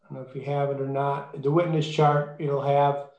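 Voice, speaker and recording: A man's voice: mid-range voice, flat delivery, moderate pace, highs cut off. A man preaching a sermon in an emphatic way, rising to fervent peaks. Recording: echoey room.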